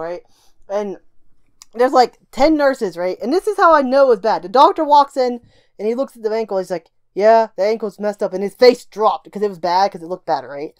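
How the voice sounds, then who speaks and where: A woman's voice: medium pitch, clear, resonant tone. A young woman vlogger telling a rambling story time, tagging lines with "right?" while she recovers from a broken ankle. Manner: rambling, fast, lots of "right?" and "like". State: recovering from a broken ankle, still in some pain.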